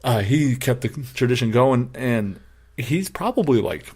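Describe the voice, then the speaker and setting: A man's voice: mid-range voice, unhurried, husky. A young man in a middle register chats casually about sports on a podcast. He tells long stories and acts out the voices of his friends with bursts of energy and plenty of profanity. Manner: animated storyteller who acts out quoted friends loudly and profanely. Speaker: podcast co-host.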